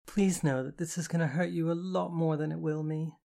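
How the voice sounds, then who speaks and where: An audiobook narrator voicing a flamboyant, theatrical woman who speaks loudly and with showy mock formality. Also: medium pitch, fairly even intonation, brisk, vocal fry, voice pushed up, lightly acted. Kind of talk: audiobook character voice.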